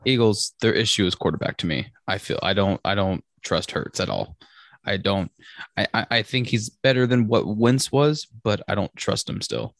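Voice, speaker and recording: Lower-voiced man in blunt sports chat. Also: expressive, moderate pace, gravelly, no room sound, studio quality. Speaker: podcast co-host.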